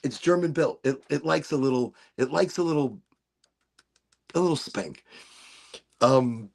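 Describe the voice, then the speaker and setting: A man's voice: medium pitch, lively intonation, unhurried, gravelly, long pauses. A man hosting a casual livestream chat, rambling loosely with giggly, self-interrupting asides. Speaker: livestream show host.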